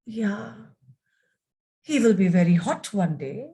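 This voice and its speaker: A woman puts on a friendly little storybook cloud who talks in a soothing, reassuring way. The voice sits lower than a narrator's and moves unhurriedly. He sounds kind and patient. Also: sing-song, slow, warm tone. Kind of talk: children's storytelling.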